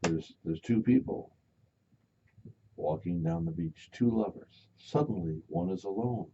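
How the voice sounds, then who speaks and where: A man hosting a live radio talk show, telling stories in a casual, animated way and acting out the voices of the people in them. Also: sits low, unhurried, a little hiss or hum. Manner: animated storyteller, acts out loud voices. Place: radio studio. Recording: dull lo-fi radio broadcast.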